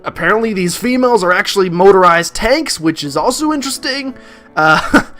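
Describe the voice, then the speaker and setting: A man's voice: high-pitched, animated, brisk, pushed and bright, soft background music. A man hosting a let's play video, reacting in a joking, bemused way. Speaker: gaming video host.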